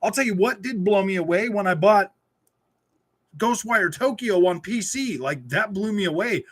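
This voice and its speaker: High-voiced man ranting on a livestream. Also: animated, normal speed, slightly rough. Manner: frustrated, repetitive, stammering restarts. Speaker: gaming livestream host. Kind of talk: ranting live stream chat.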